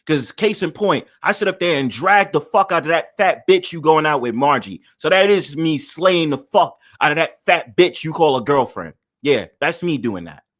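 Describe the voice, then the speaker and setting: A man's voice: fairly high pitch, a bit bright, no room sound, clean studio sound. A man hosting a livestream, arguing heatedly with profane taunts and repeated challenges.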